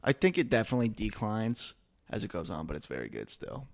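A man's voice: lowish voice, fast, gravelly. A young man co-hosting a podcast, telling stories casually and animatedly. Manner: animated, acts out quotes in his story. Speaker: podcast co-host. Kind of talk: casual storytelling.

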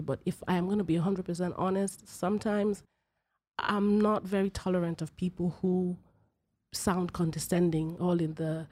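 A woman's voice: lowish voice, darkish tone, husky. A woman from Nigeria hosting a personal podcast, talking emphatically and repeating phrases for effect. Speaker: podcast host.

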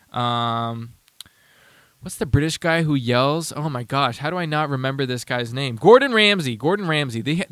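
A man's voice: mid-range voice, fairly bright tone, no room sound. A man hosting a casual talk show, sarcastic and rambling, with many restarts. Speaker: podcast host. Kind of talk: casual commentary.

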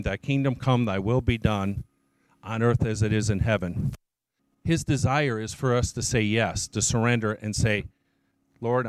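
A church elder with a slightly high voice preaches his testimony, recorded with no room sound. He tells it emphatically, as a storyteller who keeps repeating his key phrases.

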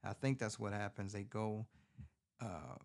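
A man's voice: lowish voice, a little slow, creaky. Profane, rambling man recapping a movie. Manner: profane, rambling, animated storytelling. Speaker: podcast host. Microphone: phone.

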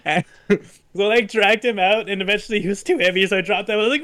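A man's voice: sits high, fast talker. A man chatting casually on a podcast, telling a story with lots of laughter and acted-out quotes. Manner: lively storyteller, laughs often, acts out quotes. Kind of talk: casual chat.

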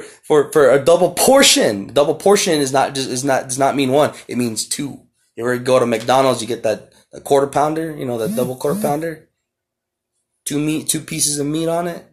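A man preaching a podcast sermon, reading scripture slowly and with emphasis, then explaining it in a casual, repetitive way. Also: mid-range voice. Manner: repeats and restarts phrases, swells loud on key words.

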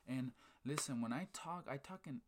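There's background noise as a man with a mid-range voice chats casually at a moderate pace, telling a story with energy. Animated and fired up, he keeps checking in with "right?" and "okay?", swears in passing, and talks about faith.

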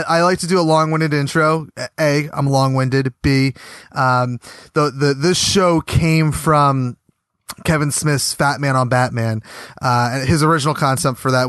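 A man's voice: medium pitch, a bit bright, clear, resonant tone, no room sound, clean studio sound. A man hosting a casual podcast chat, rambling along with lots of fillers and restarts. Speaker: podcast host.

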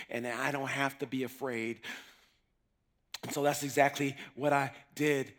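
A man preaching a sermon, telling his testimony in a slangy, animated way that swings from hushed asides to shouting. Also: medium pitch, measured pace.

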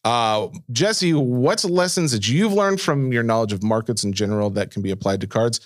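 A man co-hosts a podcast, reading listener mail aloud and answering in an easygoing, casual way. His pitch sits in the middle range. The sound is dry and close on a studio mic. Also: normal speed, dry recording. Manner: reads listener mail aloud, relaxed with fillers. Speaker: podcast co-host. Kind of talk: casual chat.

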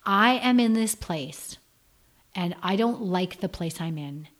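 Speaking slowly in a lowish, animated voice, this middle-aged podcast guest recounts her story with frankness in a candid conversation, performing the quotes along the way.

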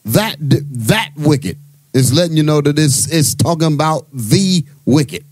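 A man's voice: a little high, animated, unhurried, a little mellow, no echo. A man leading a bible study, stopping readers and quizzing the group. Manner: quizzing, commanding. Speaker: church leader.

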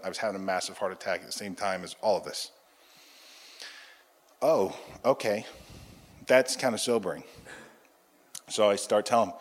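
A man with a somewhat low voice tells his testimony like a sermon, acting out every voice in the story. His words ring out into a big hall with a long tail of reverb. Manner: animated storytelling, acting out dialogue. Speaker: speaker giving a testimony.

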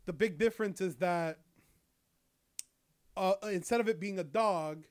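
Young guy, slightly higher voice, casual profane storyteller. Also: a little slow, clear, resonant tone. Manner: rambling, profane, lots of fillers. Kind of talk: casual chat.

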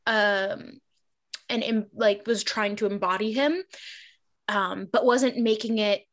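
A woman's voice: mid-range voice, steady tone, slow pace, fairly bright tone. A woman co-hosting a podcast in casual chat, talking things through with examples. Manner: chatty, explains with examples. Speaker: podcast co-host.

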